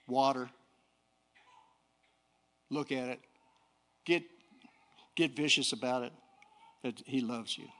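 A middle-aged male preacher giving a folksy sermon, swinging from low talk to fiery shouting. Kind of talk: sermon with personal story.

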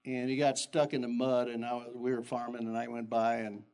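An older man who is a pastor, giving an animated sermon full of personal stories that jump in pitch. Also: a little fast. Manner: animated storytelling with sudden pitch jumps and chuckles.

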